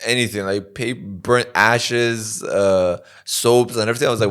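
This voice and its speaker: A man's voice: mid-range voice, moderate pace, few pauses, fairly bright tone. A man co-hosting a podcast in casual chat, often laughing and swearing freely. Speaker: podcast co-host.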